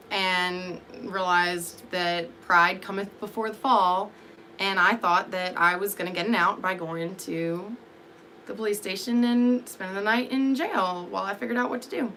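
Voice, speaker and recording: A woman talks straight to the camera in a loose, rambling monologue. Her voice is bright and sharp. She swears freely and fills her pauses with ums and likes, with a faint hiss underneath. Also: medium pitch, steady tone. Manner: candid, rambling, profane, with frequent fillers. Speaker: vlogger. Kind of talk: casual storytelling monologue.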